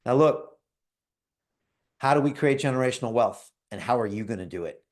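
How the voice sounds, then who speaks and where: Running a live call to promote an investment club, this man gives an animated, emphatic motivational pitch at a moderate speed. Again and again he asks "right?" and singles out listeners by name.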